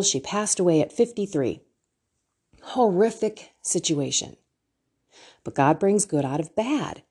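Middle-aged woman, faith talk host, animated pitch, slightly husky voice, candid and emotional. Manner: emotional, candid, storytelling with quoted dialogue. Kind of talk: personal faith talk to listeners.

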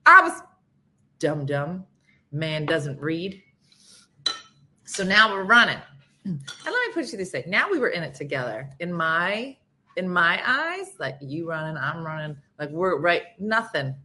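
Bright-voiced woman telling a funny story. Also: lowish voice, a little slow, long pauses. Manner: animated, acts out quoted people. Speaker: guest. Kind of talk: casual comic storytelling.

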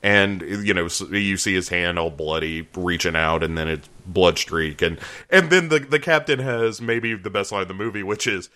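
A man co-hosting a podcast, chatting casually and jokingly about a film, laughing and putting on quick voices for the characters. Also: on the low side. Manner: animated, laughing, jokey asides and quoted voices. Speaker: podcast co-host. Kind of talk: casual movie review chat.

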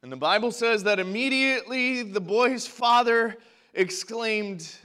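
A young man preaching a sermon to a congregation, passionate, going from quiet and low to loud and high when he acts out prayers. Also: animated, measured pace, clear, resonant tone. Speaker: pastor. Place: church before a congregation.

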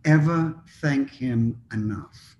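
A man's voice: medium pitch, slow pace, a little mellow. An older man, a musician guest, telling long anecdotes in a casual interview, rambling with frequent ums and restarts.

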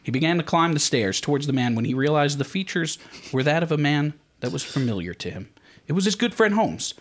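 A podcast host narrates a crude comedy skit, with a lively voice that rises and dips across each line. He swears freely and laughs into his own jokes. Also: fairly high pitch, brisk. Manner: joking, swearing, laughing into lines.

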